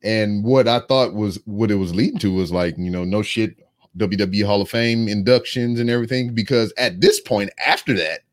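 A man's voice: on the low side, moderate pace. A man in his thirties, a podcast co-host, telling a long, profane story in casual chat.

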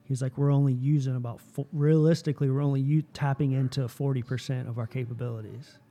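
A man hosting a casual chat, telling a story with lively energy and lots of "like" and "you know". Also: mid-range voice, fast. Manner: animated storytelling, heavy use of "like".

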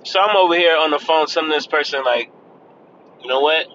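A man's voice: a little high, brisk, bright, forceful tone. A man talking casually to his viewers, loose and chatty, often saying "man" and "y'all". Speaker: vlogger. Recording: dull lo-fi sound with faint vehicle noise.

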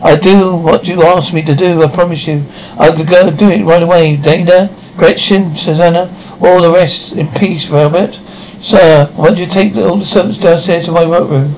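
A middle-aged actor playing a proud, patient but stern inventor father, speaking in measured, formal lines in a 1950s TV drama style. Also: high voice, steady tone, a little mellow, poor audio. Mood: firm.

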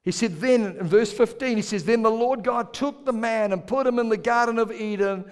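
A man's voice: very high-pitched, normal speed, clear, resonant tone, in a large hall. A male pastor preaching a sermon, playful and joking with the congregation, drawing them in to repeat words back.

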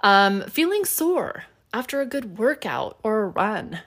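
A woman's voice: mid-range voice, very animated, a little slow, fairly bright tone. A middle-aged woman hosting a solo podcast, talking in a chatty, upbeat way with plenty of fillers. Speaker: podcast host.

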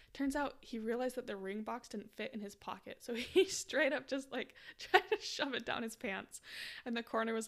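A woman in her twenties hosting a podcast, telling a story casually with lots of "like" fillers and laughter. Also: on the high side. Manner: chatty, frequent "like" fillers, laughs while telling. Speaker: podcast host.

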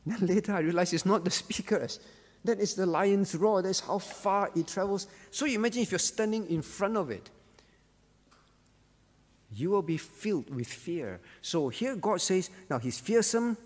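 A man's voice: high voice, lively intonation, normal speed, big-room sound. A male pastor leading an interactive Bible study, asking questions, calling on listeners by name and repeating key words.

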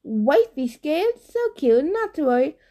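A woman's voice: sits high, big pitch swings, a little slow, mellow, voice pushed up. A woman voicing a boastful, brutish male cyclops in an audiobook, talking in clipped broken phrases. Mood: gloating. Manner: clipped broken speech, gloating.

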